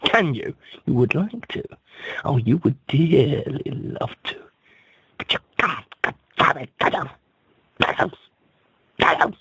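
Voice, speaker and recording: A man's voice: a little high, big pitch swings, takes it slowly, gravelly, long pauses, pushed and bright, breathy edge, no echo, low-quality recording. A man doing an absurd, mock-serious comic radio monologue, rambling and stammering over his own words.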